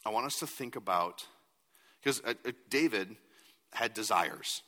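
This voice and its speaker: A man's voice: on the low side, lively intonation, a little slow, pushed and bright, big-room sound. A man preaching a sermon as a pastor, earnest and at times emphatic.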